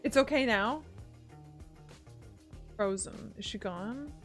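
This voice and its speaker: A woman's voice: on the high side, slow pace, soft background music. A woman streaming a video game and chatting casually with her viewers, giggly and teasing. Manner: chatty, giggly, answers chat. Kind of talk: casual live-stream chat.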